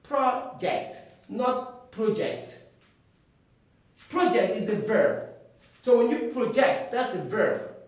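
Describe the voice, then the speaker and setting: Slow, repetitive English pronunciation teacher. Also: medium pitch, lively intonation, a little mellow, heavy reverb, distant mic. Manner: slow, drawn-out repetition of words. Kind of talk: pronunciation lesson.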